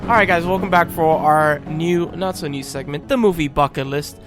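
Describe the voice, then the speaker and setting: A man's voice: a little high, normal speed, music in the background. A man hosting a casual podcast, giggling and moving the show to the next segment. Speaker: podcast host. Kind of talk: casual chat.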